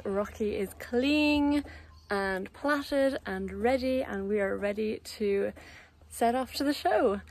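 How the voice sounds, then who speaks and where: A woman's voice: medium pitch, a little mellow. Chatty young Irish woman vlogging. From Ireland. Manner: chatty, friendly, upbeat. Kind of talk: casual vlog walkthrough.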